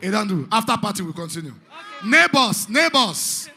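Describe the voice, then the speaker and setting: Loud, high-pitched Nigerian MC man. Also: very animated, moderate pace, soft background music. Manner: loud, playful, sing-song. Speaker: master of ceremonies. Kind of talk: hyping a party crowd with pidgin banter.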